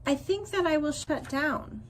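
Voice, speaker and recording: A woman voicing a calm, polite female robot mother in a storybook reading. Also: high voice, a little slow, slight background noise, pitched above the performer's own voice, low-quality recording. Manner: even, formal, friendly.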